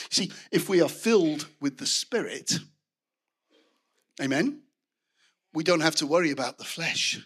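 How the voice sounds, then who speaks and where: High, bright-voiced preacher. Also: male voice, expressive, unhurried, pauses often, husky. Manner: storytelling with frequent restarts and asides to the congregation. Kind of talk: sermon.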